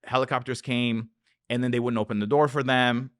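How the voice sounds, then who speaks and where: With a flat yet brisk delivery and a clean, slightly bright mid-range voice, a male investor tells outrageous anecdotes on a podcast. Profanity flows freely as he acts out each person's voice, and the studio sound is clean with no room tone.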